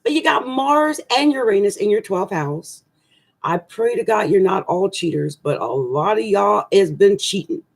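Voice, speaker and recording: A woman's voice: mid-range voice, animated, moderate pace, vocal fry. A middle-aged woman astrologer rambling through a casual, tongue-in-cheek horoscope reading.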